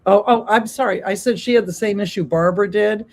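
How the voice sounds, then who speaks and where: A woman's voice: mid-range voice, brisk, a little mellow. An older woman sharing her own experience as a guest, rambling and chatty with many ums. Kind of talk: casual testimony.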